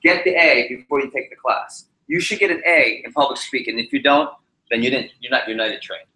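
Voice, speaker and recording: An energetic man coaching a room on public speaking. His voice is bright and forceful, and it echoes off the walls of an indoor training room with faint ambience in the background. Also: medium pitch, fairly quick. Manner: energetic, quizzes the audience. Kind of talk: training seminar talk.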